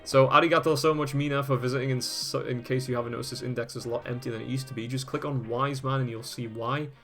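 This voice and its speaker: Man, laid-back commentary, laughing, casual swearing, middle pitch. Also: flat delivery, quick pace, a bit bright, soft background music. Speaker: host. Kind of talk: casual commentary while browsing and reading web pages aloud.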